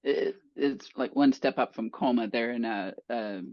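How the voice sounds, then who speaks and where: A woman's voice: very deep voice, a little slow, no room sound, highs cut off. A woman researcher speaking casually on a panel discussion, joking and laughing often.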